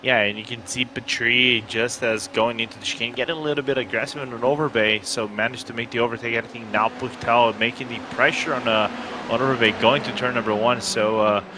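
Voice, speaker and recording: A man's voice: medium pitch, fairly even intonation, fairly quick, background noise. A man giving casual race analysis as color commentator, with hesitant, phrasing and many fillers. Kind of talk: sim racing analysis commentary.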